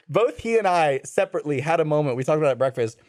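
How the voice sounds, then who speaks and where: A man in his thirties telling a story on a podcast, animated and profane, acting out what people said. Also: a little high, fast talker, no echo, studio quality. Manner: animated, profane, acts out quoted lines. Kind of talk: casual storytelling among friends.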